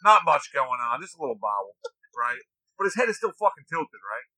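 Young guy swearing nonstop through a story, bright edgy voice, dry close sound. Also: mid-range voice, a little fast, no room sound, rough recording. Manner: profane, animated, acts out quoted voices. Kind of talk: casual chat, storytelling.

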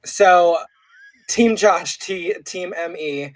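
A man co-hosting a podcast, chatting casually in an animated, dramatic, giggly way. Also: high voice, very slow, no echo. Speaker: podcast co-host. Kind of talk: casual chat.

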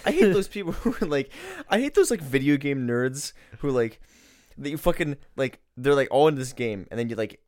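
A man's voice: medium pitch, very animated, brisk, a little mellow, no room sound. A young man rambling through casual podcast chat, full of likes and swearing, on a close mic. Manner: rambling, filler-heavy, swears.

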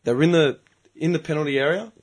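A man's voice: a little high, quick pace. An Australian man telling a story in a casual podcast chat, heated and full of swearing. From Melbourne, Australia. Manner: profane, heated storytelling rant. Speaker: podcast host.

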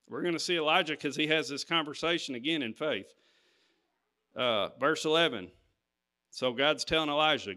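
Bright, clear-voiced man preaching. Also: on the high side. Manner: emphatic, conversational preaching with scripture readings. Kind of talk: sermon.

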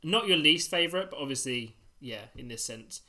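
A woman hosting a casual podcast chat, teasing and quick to laugh. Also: deep voice, expressive, bright, forceful tone.

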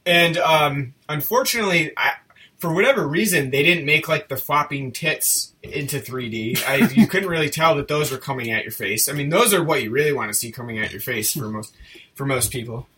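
A man's voice: on the high side, a little fast, bright, forceful tone, distant mic. A man co-hosting a casual movie review chat, rambling and self-interrupting as he talks, often laughing. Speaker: podcast co-host.

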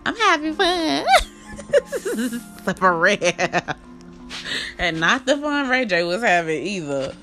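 A woman with a bright, forceful voice hosts a podcast in a loose, animated way. She reviews a horror movie with profane slang and keeps breaking into laughter, and faint music plays behind her. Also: medium pitch, slow, long pauses. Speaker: podcast host.

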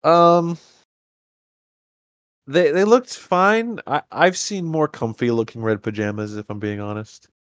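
A man joking through a movie rewatch with a co-host, wry and quick to act out the characters' lines. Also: fairly high pitch, fairly bright tone, no echo, studio quality. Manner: wry, jokey, acts out lines in funny voices. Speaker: podcast co-host. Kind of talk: casual movie rewatch chat.

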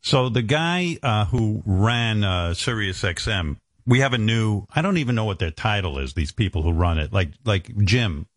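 A man's voice: lowish voice, expressive, normal speed, few pauses, dry recording, studio quality. A man from New hosts a radio show, telling rambling stories full of profanity and fillers. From New York. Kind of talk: casual radio show banter.

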